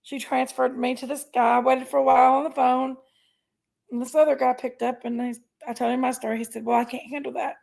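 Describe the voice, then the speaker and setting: High gravelly woman venting. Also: little pitch movement, fairly quick, darkish tone. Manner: chatty storytelling, venting, thanks viewers. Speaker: livestream host. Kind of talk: casual livestream chat.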